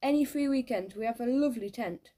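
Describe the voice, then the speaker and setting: Dim, pushy schoolyard bullies, put on by a woman reading a children's audiobook, blunt and slow-witted. They push on in a raised, insistent pitch over a mellow, dark tone. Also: lightly acted.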